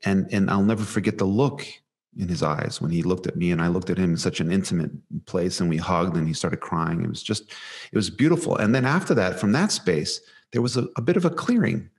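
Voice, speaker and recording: Low-voiced man telling a tender story. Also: a little fast. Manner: warm storytelling, emotional, softens to near whisper for quotes. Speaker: panel speaker. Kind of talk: heartfelt conversation.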